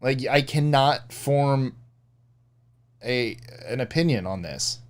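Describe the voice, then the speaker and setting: A man's voice: mid-range voice, animated, takes it slowly. A man co-hosting a casual live stream, rambling and correcting himself as he answers chat.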